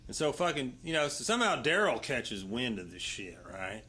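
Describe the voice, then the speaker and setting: Man, casual interview guest, bright forceful voice, rambling, swears a lot, says "you know" and "right" constantly. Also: medium pitch, very animated, moderate pace. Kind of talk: casual storytelling.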